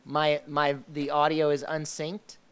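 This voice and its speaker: A man with a fairly high voice hosts a casual live faith discussion show, speaking a little slowly in a clean tone with a completely flat delivery. He uses lots of fillers and restarts, yet is enthusiastic about the scenes he recalls.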